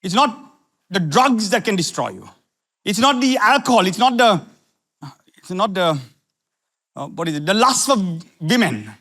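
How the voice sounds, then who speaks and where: A middle-aged man from Sri Lanka preaching a sermon as pastor, repeating phrases and swinging from low asides to fiery questions. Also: very animated, moderate pace, pauses often, bright, forceful tone.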